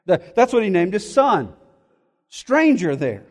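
High-voiced man preaching in a hall. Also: very animated, measured pace. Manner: earnest, repeats words when thinking aloud. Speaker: pastor. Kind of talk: expository sermon.

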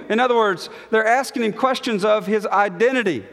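A man with a high voice preaches an expository sermon, reading scripture with strong emphasis. His words carry a long reverb from a large church hall. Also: lively intonation, brisk, fairly bright tone. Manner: emphatic, voice rising when reading quoted questions.

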